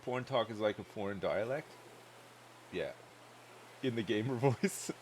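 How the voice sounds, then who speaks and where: A man's voice: lowish voice, unhurried, long pauses, slight background noise. A man chatting loosely and joking while livestreaming a game, rambling from one thought to the next. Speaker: streamer.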